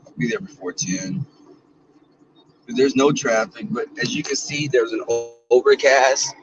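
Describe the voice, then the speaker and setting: A man's voice: medium pitch, a little slow, far from the mic, muffled recording, music in the background. A man, chatting casually and bawdily to viewers while he drives. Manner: chatty, bawdy and playful, talks to viewers and reads out their comments. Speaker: vlogger. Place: in a car.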